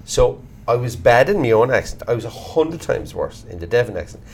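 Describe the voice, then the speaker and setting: A middle-aged Irish actor being interviewed, talking bluntly and swearing casually as he tells animated stories. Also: mid-range voice, a little fast, vocal fry, slightly rough. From Ireland. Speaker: actor, guest. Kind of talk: candid conversational interview.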